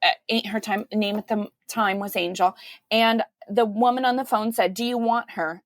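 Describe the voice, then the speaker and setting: A woman who is a guest on a podcast, telling her story in a conversational way and acting out the quoted voices with big jumps in pitch. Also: fairly even intonation, brisk, no room sound. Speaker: podcast guest, mother of five.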